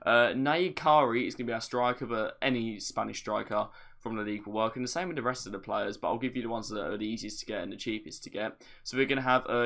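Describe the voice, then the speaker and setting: A man's voice: lowish voice, a bit bright. A young man giving a casual, chatty walkthrough of a video game, explaining each step plainly with light self-deprecating asides. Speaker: gaming video creator. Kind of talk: casual gameplay tutorial commentary.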